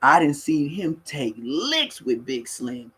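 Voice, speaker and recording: A man tells a rowdy street story in a husky, slightly raspy voice that sits a little high for a man. He talks casually and profanely. He breaks into laughter and mimics the people he describes. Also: takes it slowly, rough recording. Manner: animated, profane, laughs mid-story, acts out other people.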